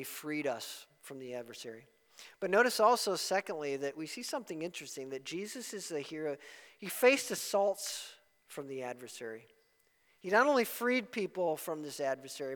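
A man preaching a sermon as pastor, swinging from soft asides to loud, emphatic exclamations. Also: a little high, long reverb tail.

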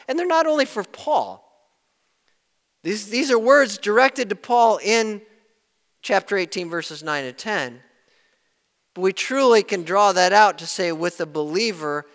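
A man preaching a sermon in an earnest way, rising to loud emphasis and dropping to hushed tones when quoting. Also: on the high side, big-room sound. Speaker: pastor.

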